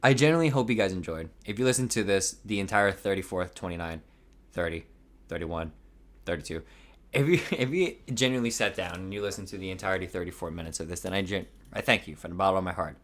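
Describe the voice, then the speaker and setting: A man's voice: low voice, quick pace. Rambling young man telling a story. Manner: rambling, swears freely, laughs at himself. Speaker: podcast host. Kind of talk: casual solo storytelling. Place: home room by a window.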